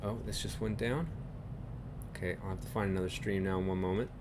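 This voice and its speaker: A man's voice: low voice, fairly even intonation, a little fast, background noise. Chuckling man chatting on a live stream. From Newfoundland, Canada. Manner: rambling, chuckles often between thoughts. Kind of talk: casual live-stream chat.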